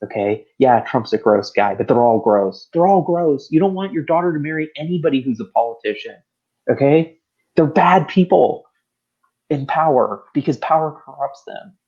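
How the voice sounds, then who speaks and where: A man's voice: a little high, animated, moderate pace, breathy edge, lo-fi sound. A man co-hosting a podcast, ranting about politics in a heated, sarcastic, repetitive way. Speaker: podcast co-host. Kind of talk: political rant.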